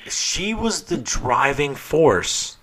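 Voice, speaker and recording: A young adult man co-hosting a casual podcast, talking in an animated way and swearing freely. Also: on the high side, very slow. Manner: animated, swears freely, loud bursts when quoting scenes. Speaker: podcast co-host.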